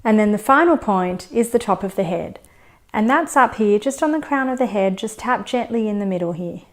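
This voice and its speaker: A woman teaching a tapping technique, calmly guiding listeners step by step and slowing down to demonstrate example scripts. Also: medium pitch. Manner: calm, steady guidance, slowing down for demonstration scripts. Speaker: tapping instructor. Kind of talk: instructional demonstration.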